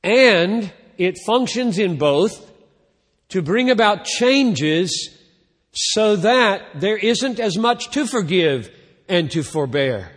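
A male pastor delivers a sermon at an unhurried, deliberate pace, his voice sitting a little higher than most men's. He swells loud on key words and then drops almost to a hush at the end of a phrase. The sound carries the long reverb of a large hall. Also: expressive. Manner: slow, deliberate preaching that swells loud then falls to near-quiet.

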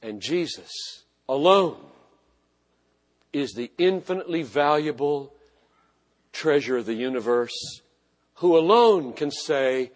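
A man preaching a sermon with passion, swinging from loud emphatic repetitions to hushed, low phrases. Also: expressive, slow, long pauses. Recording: long hall reverb.

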